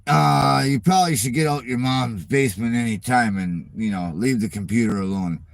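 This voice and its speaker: A man's voice: medium pitch, normal speed, vocal fry, dry recording. A middle-aged man hosting his channel, ranting in a casual, profane and mocking way at viewer comments. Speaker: channel host.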